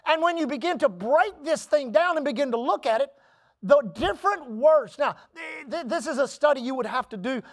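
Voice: high voice, lively intonation, normal speed. A pastor preaching a sermon in an emphatic, repetitive way, calling out to the congregation.

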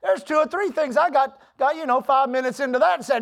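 A pastor preaching a sermon, emphatic, asking the congregation for an "Amen" and building from quiet asides to loud declarations. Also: sits high, a little fast.

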